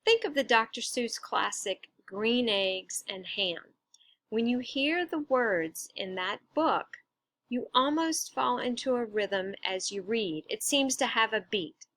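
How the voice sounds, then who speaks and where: A woman teacher talks through a recorded lesson at an unhurried pace, patient and deliberate, pausing to sound out syllables. Her voice sits a little high and has a bright edge. The sound is dry and close, with no room around it. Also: lively intonation, no echo. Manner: slow, patient explaining with emphasized syllables.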